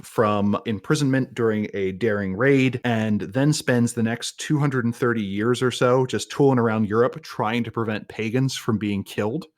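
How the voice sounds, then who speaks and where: A man co-hosting a casual podcast review, talking in an animated, joking way and often acting out quotes. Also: medium pitch. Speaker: podcast co-host.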